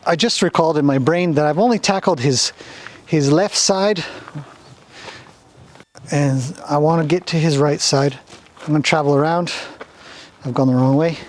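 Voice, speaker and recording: A man working a horse outdoors, explaining his steps in a gentle, chatty way and soothing the animal. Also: fairly high pitch. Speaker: horse trainer. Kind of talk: instructional commentary while training. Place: outdoors in a horse pen near a road.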